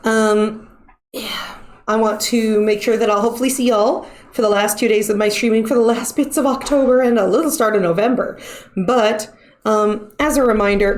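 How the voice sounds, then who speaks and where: A woman's voice: a little high, moderate pace, darkish tone. Chatty woman streamer, rambling talk. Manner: rambling, chatty, frequent fillers. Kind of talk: casual stream wrap-up chat.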